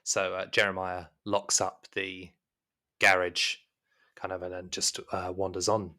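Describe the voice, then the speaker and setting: A man's voice: deep voice, monotone, measured pace, bright, forceful tone. A man narrating a tabletop horror game as game master, in a rambling way full of fillers.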